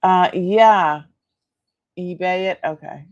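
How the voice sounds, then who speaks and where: A woman's voice: on the low side, takes it slowly, no room sound, muffled recording. A tired woman hosting a casual live-stream unboxing, chatting and rambling about her items and laughing often. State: tired, yawning. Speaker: host selling antiques in a live sale.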